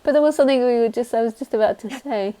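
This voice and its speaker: Speaking fast in a slightly high, warm voice, a woman chats as a spiritual teacher hosting a live broadcast over a casual video call. She laughs often, swears freely, and acts out quotes, all picked up by a computer mic.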